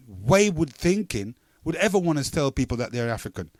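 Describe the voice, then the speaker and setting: A man's voice: a little high, sing-song, brisk, few pauses, darkish tone, no room sound. A man hosting a radio talk show, arguing his point emphatically and firing off rhetorical questions.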